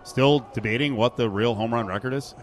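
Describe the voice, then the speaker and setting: A man's voice: medium pitch, brisk, a little hiss or hum. A man hosting a casual sports radio show from a sportsbook, chatting, joking and reading live ads. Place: sportsbook broadcast booth.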